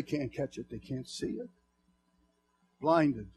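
A male pastor preaching a sermon to his church, swinging from soft murmurs to fervent shouts. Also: medium pitch, takes it slowly, long pauses, slightly rough.

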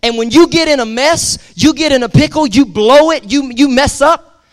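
At a moderate pace and an extremely high pitch, a male pastor delivers an emphatic, repetitive sermon. He repeats words for emphasis, uses call-and-response with his congregation, and makes conversational asides.

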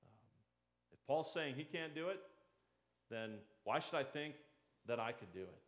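A man's voice: medium pitch, animated, unhurried, fairly bright tone, reverberant. A man preaching a conversational sermon as a pastor, slipping into the voices of doubters and critics.

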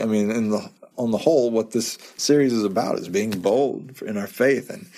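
A man giving a sermon as a pastor, talking in a conversational way, often repeating a word and adding quick asides. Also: on the low side, darkish tone. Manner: conversational, repeats words, chuckles to himself.

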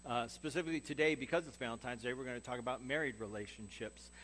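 A man preaching a sermon as pastor, telling a personal story with lively acted-out dialogue. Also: medium pitch, fast talker, slight background noise. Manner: animated storyteller acting out quoted dialogue.

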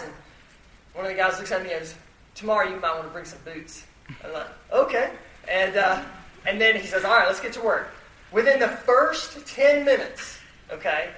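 A man's voice: high voice, sharp tone. A man telling a self-deprecating personal story to an audience in a chatty way, full of fillers and restarts. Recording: echoey room, mic at a distance, faint noise.

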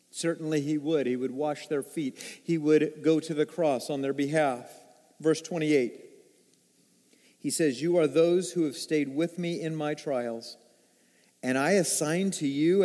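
A man preaching a sermon as pastor, swinging between loud emphasis and hushed, low asides. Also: unhurried. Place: church sanctuary. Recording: long hall reverb.

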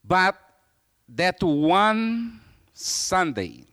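A Brazilian man preaching as a missionary tells sermon stories in a high voice, speaking extremely slowly. He's an animated storyteller who acts out the voices of the people he quotes.

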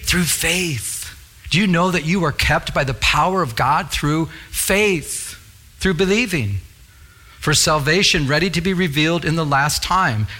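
A man's voice: fairly high pitch, measured pace, bright, forceful tone. A middle-aged man preaching a sermon, earnest and repetitive, reading scripture aloud. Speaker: pastor.

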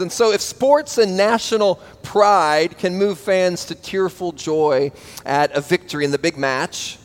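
A middle-aged pastor preaches in a church sanctuary, his voice pitched high for a man. He tells a story and then builds to an emphatic exhortation. His words ring out with a long hall reverb. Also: measured pace. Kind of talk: sermon.

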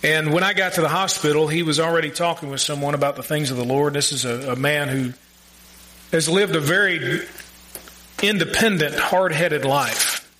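A man preaching a sermon, earnest and conversational, with emphatic pauses and direct questions to the congregation. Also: a little high, steady tone, sharp tone, low-quality recording. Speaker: pastor.

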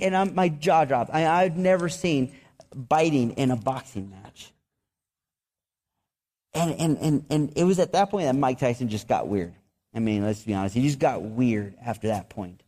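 A man preaching a sermon as a pastor, talking to his church in a conversational way, with restarts and repeated words and bursts of animated storytelling. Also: mid-range voice, moderate pace. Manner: animated storytelling with excited outbursts.

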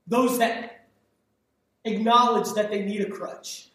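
Pastor guy preaching, really high voice, lots of echo, keeps repeating himself. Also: fairly even intonation, takes it slowly, fairly bright tone. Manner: conversational preaching, emphatic with frequent repeats and restarts. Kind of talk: sermon. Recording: echoey hall, speaker far from the mic.

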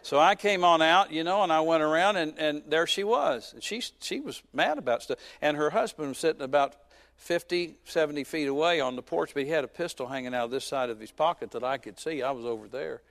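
A man in his fifties, a pastor preaching a sermon who tells a personal story with joking asides and swings between loud and soft. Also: on the high side, fairly quick.

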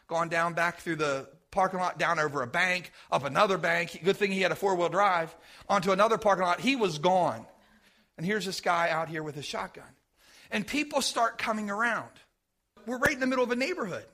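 A man preaching in a church, telling a personal story in an animated way and acting out what was said. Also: sits high. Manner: animated, acts out shouted quotes. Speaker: pastor. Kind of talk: sermon storytelling.

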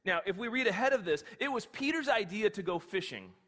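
A male pastor telling a story in a lively, conversational sermon, his high voice swooping up and down. The sound carries a long hall reverb. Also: brisk.

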